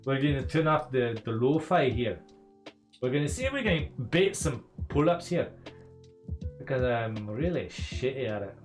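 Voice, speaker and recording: A man's voice: mid-range voice, big pitch swings, moderate pace, soft background music. A man streaming a game, chatting casually and swearing a lot in a put-on Scottish accent. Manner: chatty, profane, jokey. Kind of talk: casual gameplay commentary.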